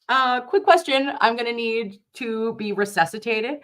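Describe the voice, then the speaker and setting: A young woman hosting a casual reaction commentary, emphatic and animated, talking straight to her viewers. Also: on the high side, measured pace. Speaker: commentary host.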